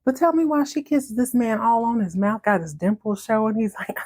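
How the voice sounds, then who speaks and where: A woman hosting a podcast, recapping a story in a chatty, animated way and laughing often. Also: fairly high pitch, a little slow, long pauses. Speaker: podcast host.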